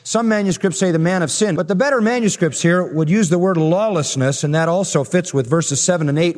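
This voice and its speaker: A man preaching an expository sermon, emphatic, asking rhetorical questions and repeating phrases for force. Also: on the high side. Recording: long hall reverb.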